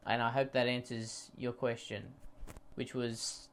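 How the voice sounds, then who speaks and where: A man delivering a rambling, deadpan comedy monologue full of deliberate restarts. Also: mid-range voice, a little hiss or hum. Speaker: comedy creator.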